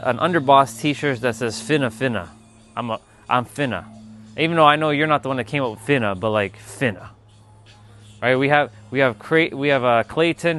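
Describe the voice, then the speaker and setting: A man's voice: mid-range voice, fairly bright tone. A man hosting a livestream, chatting casually and playfully repeating a word he finds funny. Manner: playful, repeats words and laughs at them. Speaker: livestream host.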